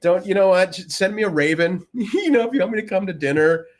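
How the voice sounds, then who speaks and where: A man co-hosting a podcast in casual chat, rambling with many fillers and often trailing off quietly. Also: high-pitched, lively intonation, fast talker. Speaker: podcast co-host.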